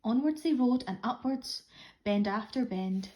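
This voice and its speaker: A Scottish woman, a primary school teacher, reading a rhyming storybook aloud with a lively rhythm. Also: on the high side, unhurried. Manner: expressive rhythmic read-aloud.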